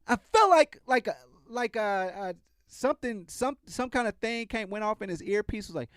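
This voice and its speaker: A man's voice: sits high, animated, moderate pace, a bit bright, clear, resonant tone, dry recording, clean studio sound. A man hosting a podcast, talking in a casual, sarcastic commentary style and often restarting his sentences. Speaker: podcast host.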